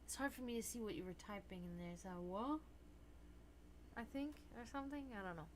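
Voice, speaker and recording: A woman's voice: lively intonation, a little fast, slight background noise. A woman hosting a casual livestream, rambling with many restarts and fillers, sounding tired. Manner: high baby talk to her cats. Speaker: livestream host.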